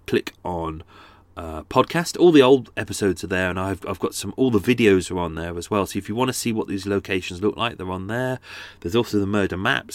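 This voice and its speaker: A man's voice: low voice, dry recording. A man hosting a true crime podcast, rambling casually with many fillers and restarts. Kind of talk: casual chatty outro.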